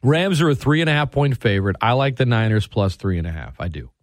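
A man hosting a sports radio show, talking in an animated, sarcastic way and swinging his pitch for emphasis. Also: fast talker, dry recording, studio quality. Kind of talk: opinionated sports talk.

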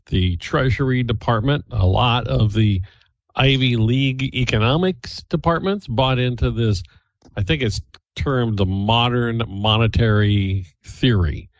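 A man hosting a radio talk show, speaking in a casual, animated way. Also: mid-range voice, measured pace, no echo, muffled recording. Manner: animated, laughs easily. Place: radio studio.

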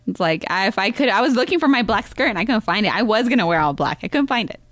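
A woman's voice: medium pitch, fast, no room sound. A woman co-hosting a podcast in casual chat, quoting herself as she tells stories. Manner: animated, quotes herself in stories. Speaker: podcast co-host.

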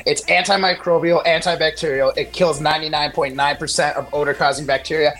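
A man's voice: a little high, steady tone, a little fast, fairly bright tone, faint music behind. A man co-hosting a sports radio show, joking and reading ads in a loose, chatty way. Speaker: co-host. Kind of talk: casual radio sports talk.

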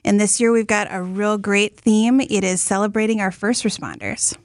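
Company spokeswoman in studio, mid-pitched, friendly explainer, dry close mic. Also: expressive, moderate pace, no echo. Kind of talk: live radio interview. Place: radio studio.

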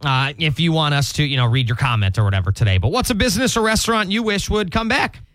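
A young man hosting morning radio, with a bright, fairly high voice. His pitch jumps around a lot as he jokes and promos the show. The dry studio mic sits close. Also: fast, dry recording. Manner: upbeat, animated, laughs easily. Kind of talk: casual radio banter.

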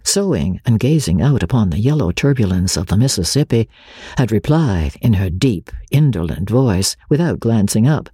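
A man reading a novel aloud as an audiobook narrator, in an expressive storytelling manner. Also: mid-range voice, breathy edge, no echo, clean studio sound. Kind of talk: scripted literary narration.

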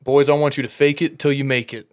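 Guy doing a gruff fed-up football coach, blunt and kinda exasperated. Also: medium pitch, little pitch movement, fast, close to an everyday voice.

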